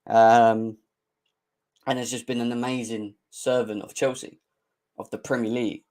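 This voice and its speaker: A young man hosting a live football fan stream, bantering and mocking rival fans in slangy, excitable talk. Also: moderate pace. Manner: mocking banter, slangy, laughs often, mimics rival fans in squeaky voices. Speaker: football channel host.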